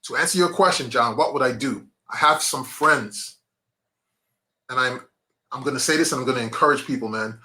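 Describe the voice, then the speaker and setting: A man with a bright, forceful voice tells personal stories as a guest on a podcast. He talks casually and acts out the voices he quotes. He often calls people "man" and "bro". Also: mid-range voice, moderate pace. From grew up on an island. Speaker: podcast guest, motivational speaker. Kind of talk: casual conversation, storytelling.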